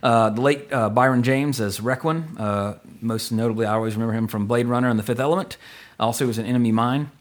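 A middle-aged man hosting a podcast, rambling through a movie review with quick asides and casual swearing. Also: mid-range voice. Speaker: podcast host.

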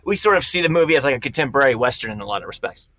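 A man's voice: medium pitch, expressive, very fast, sharp tone, dry recording. A man, a film director being interviewed, eagerly explaining how his film came together. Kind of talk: casual interview storytelling.

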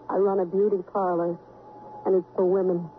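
An actress playing a brisk, sardonic beauty parlor owner in a 1950s radio drama. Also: female voice, on the low side, little pitch movement, a little hiss or hum, close to an everyday voice. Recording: tinny old radio broadcast.

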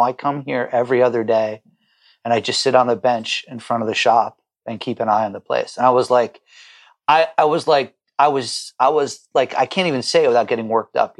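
A middle-aged chef talking as a podcast guest over a remote call, heartfelt and stumbling over repeated words when he gets moved. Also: mid-range voice. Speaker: chef and restaurant owner, guest. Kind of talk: emotional podcast conversation.

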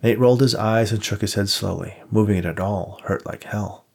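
A man narrates an audiobook in a measured, even way. His voice sits low and carries a gravelly, husky grain. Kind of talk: scripted narration.

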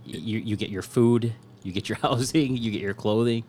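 A man's voice: on the low side, moderate pace, a little mellow, a little hiss or hum. A man hosting a podcast in casual chat, chiming in with short remarks. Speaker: podcast host.

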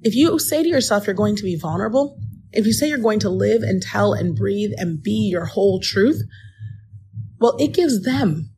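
A woman's voice: medium pitch, lively intonation, moderate pace, a little mellow, slight background noise. A woman podcast host telling a personal story in an earnest, encouraging way, speaking straight to the listener as a friend. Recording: music playing underneath.

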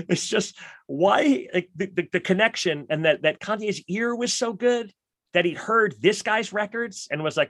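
A man hosting a podcast, talking casually and enthusiastically about music, full of "like" and quick asides. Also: high voice, fairly bright tone, dry recording, studio quality. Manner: enthusiastic, rambling, lots of "like". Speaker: podcast host.

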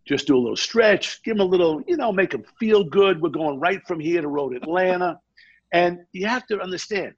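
A man telling a long anecdote in a casual chat, animated and often quoting the people in his story. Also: sits high, brisk, breathy edge, muffled recording. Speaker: guest.

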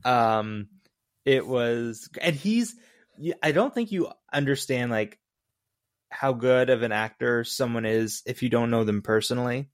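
A man co-hosting a podcast, chatting casually about a film, animated and excitable, with lots of filler words and frequent laughs. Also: medium pitch, a little slow, no room sound, studio quality. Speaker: podcast co-host. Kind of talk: casual movie review chat.

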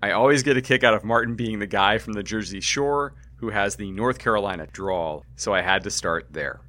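A man hosting a podcast, introducing the episode and then interviewing a guest in a measured, conversational way. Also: lowish voice, pushed and bright, no echo. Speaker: podcast host.

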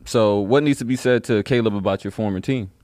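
A man's voice: on the low side, brisk, a little mellow, dry recording, studio quality. A man co-hosting a sports podcast, setting up topics for the host. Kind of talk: casual sports talk.

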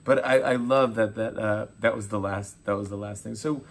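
A man in his forties, a talk show host being interviewed, telling animated stories and acting out quotes. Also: fairly low pitch, normal speed. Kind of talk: casual interview chat.

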